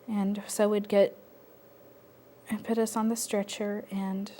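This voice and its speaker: A woman's voice: medium pitch, little pitch movement, mellow, slight background noise. Reflective woman recounting a personal story. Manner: reflective, halting, with fillers. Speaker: interviewee sharing personal story. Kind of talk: personal testimony.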